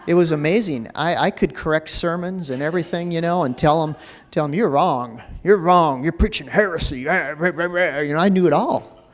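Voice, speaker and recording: A man preaching a sermon as pastor, talking in a loose, conversational way full of fillers. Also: a little high. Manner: conversational preaching with many "you know" fillers. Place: church sanctuary. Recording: long reverb of a church hall.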